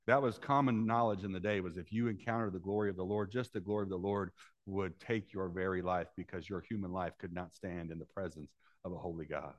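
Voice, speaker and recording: Speaking a little fast in a deep voice, a preacher gives a sermon in an easygoing, conversational style. He keeps posing quick questions to the congregation and acts out the voices of the Bible characters he describes.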